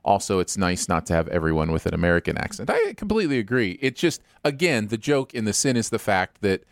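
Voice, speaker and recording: Man, low voice, very lively pitch, dry close sound, casual podcast chat. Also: quick pace, dry recording. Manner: lively, animated, jokey. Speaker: podcast co-host. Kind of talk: casual chat reading viewer comments.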